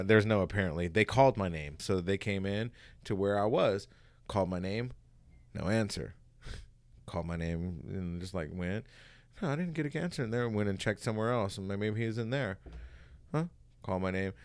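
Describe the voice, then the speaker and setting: A man's voice: lowish voice, lively intonation, normal speed, no echo. A man in casual conversation telling a rambling, profane story, laughing often and acting out what others said.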